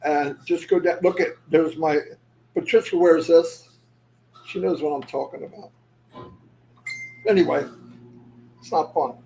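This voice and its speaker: Rambling livestream host, a man with a slightly high voice who drifts between topics, faint noise behind. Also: fairly even intonation, a little slow, creaky, long pauses, darkish tone, poor audio. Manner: rambling, loses his thread; says "anyway" often to move on. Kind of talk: casual livestream chat.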